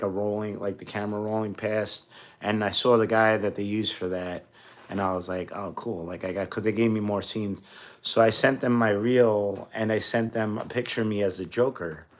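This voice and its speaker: A man from New York with a New York accent, telling rambling stories about acting jobs in a casual interview, with lots of fillers and restarts. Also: lowish voice. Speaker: entertainer and actor. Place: home studio.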